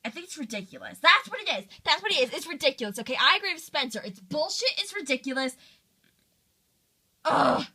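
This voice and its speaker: A woman's voice: high-pitched, expressive, brisk, sharp tone, voice pushed up, heavily acted. A woman voicing a blunt teenage girl who brushes things off and repeats herself. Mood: scornful. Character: blunt, irritated teen girl.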